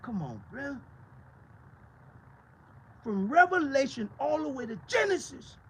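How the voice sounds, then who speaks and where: A man's voice: very high-pitched, very animated, measured pace, fairly bright tone, rough recording. A male pastor preaching a fiery, combative sermon, swearing freely and firing off rhetorical questions again and again.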